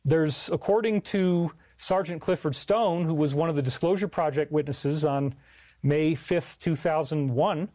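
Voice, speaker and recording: An earnest man rambles through a livestream monologue, stopping to read comments. His voice sits a bit high. The sound is dry and close. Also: a little slow, darkish tone, no echo. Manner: rambling, earnest, reads chat aloud. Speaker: livestream host.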